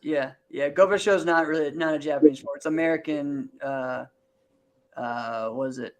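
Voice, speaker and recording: A man's voice: on the high side, moderate pace, poor audio. Chatty man with a raised voice. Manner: laughs often, relaxed and chatty. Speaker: host. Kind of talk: casual podcast chat.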